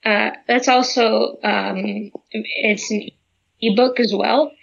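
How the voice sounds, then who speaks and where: A woman, a poet and author, chatting as a guest in a friendly, slightly halting way. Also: fairly high pitch, steady tone, gravelly, dull audio. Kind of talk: casual interview chat.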